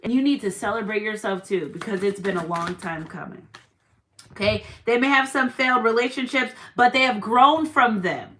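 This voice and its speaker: Speaking at a normal speed in a slightly high, somewhat bright voice, a woman delivers a tarot reading monologue for her audience. She keeps reassuring them with repeated affirmations and cites scripture along the way.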